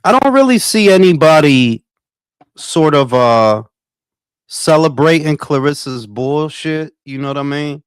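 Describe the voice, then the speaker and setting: A man's voice: on the high side, animated, unhurried, clean tone, dry recording, studio quality. A man from Detroit with a Detroit accent, hosting a boxing talk stream and ranting in a blunt, profane, heated way. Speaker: boxing talk show host. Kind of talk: casual livestream commentary.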